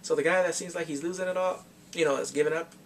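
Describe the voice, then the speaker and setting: A man's voice: on the high side, fairly even intonation, fast, far from the mic, slight background noise. A man casually reviewing a movie, retelling scenes with animation and jumping into character voices.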